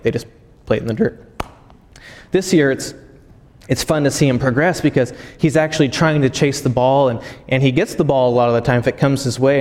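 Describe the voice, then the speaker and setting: A man's voice: mid-range voice, darkish tone. A man in his thirties giving a sermon, earnest and personal, often restarting his phrases. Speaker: pastor. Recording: hall with long reverb.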